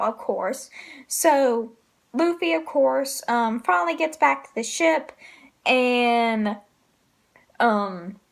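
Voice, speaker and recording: A woman casually reviewing manga chapters, rambling with lots of ums and likes and laughing often. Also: high voice.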